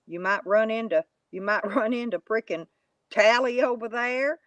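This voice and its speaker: A woman's voice: on the high side, normal speed, a bit bright, dry recording. A woman, chatting casually to live viewers in a rambling, folksy, mocking way. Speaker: YouTube live streamer.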